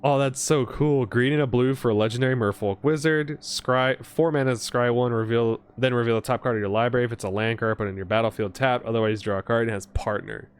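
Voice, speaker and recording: A young man casually narrating a card pack opening, reading card text aloud quickly and reacting with excitement. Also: mid-range voice, clean tone. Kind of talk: casual commentary while opening card packs.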